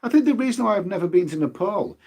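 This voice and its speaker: A man's voice: high voice, animated, fast talker, a little mellow, slightly rough. A man hosting a travel live stream in a casual, rambling way, repeating his words and leaning on fillers. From United Kingdom.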